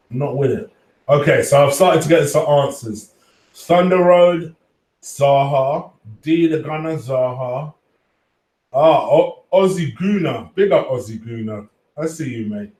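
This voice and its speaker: A man's voice: mid-range voice, darkish tone. A chatty man hosts a casual live stream, swearing loosely and calling out viewers by name. He sits back from the mic in an echoey room, so his voice sounds roomy and a little distant. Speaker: fan channel host reading live chat.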